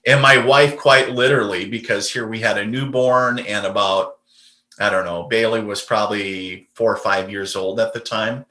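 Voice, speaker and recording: Bright-voiced man telling a story. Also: lowish voice, fairly even intonation, normal speed, echoey room. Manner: rambling, many fillers and restarts. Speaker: podcast guest, medium. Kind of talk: casual storytelling.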